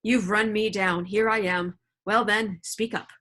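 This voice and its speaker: A woman's voice: medium pitch, steady tone, unhurried, a bit bright. A woman voicing a shaken old male sea captain who speaks in curt, blunt demands, read aloud from a storybook.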